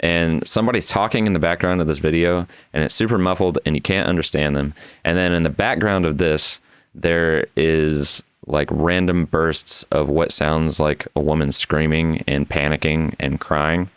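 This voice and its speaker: A man's voice: rumbling low, steady tone, normal speed, clean tone, dry recording. A man co-hosting a podcast, casually recapping an internet mystery in a laid-back, rambling way. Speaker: podcast co-host.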